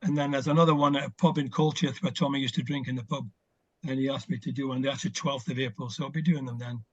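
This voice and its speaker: On a casual video call, an older man who used to play football tells warm, nostalgic stories as an interview guest, leaning on fillers throughout. He talks fast at a medium pitch with a steady tone. No echo, but the audio is dull.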